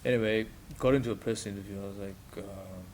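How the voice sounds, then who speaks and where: A man's voice: fairly low pitch, fairly quick, a little hiss or hum. A man in his thirties with a South African accent, telling stories casually as a podcast guest, acting out quoted voices. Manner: animated, acts out quoted voices with laughter. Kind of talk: casual storytelling.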